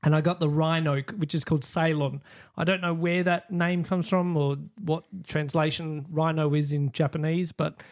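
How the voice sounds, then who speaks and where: Chatty Australian man, raised pitch. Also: normal speed. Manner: animated storyteller, acts out quoted exchanges. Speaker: podcast co-host. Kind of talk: casual chat.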